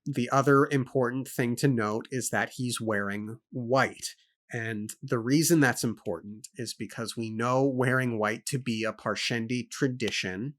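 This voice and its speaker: A man co-hosts a book club podcast in a casual discussion, his medium-pitched, fairly bright voice moving at a measured pace. Thoughtful, he thinks aloud and lays out his points and questions one by one.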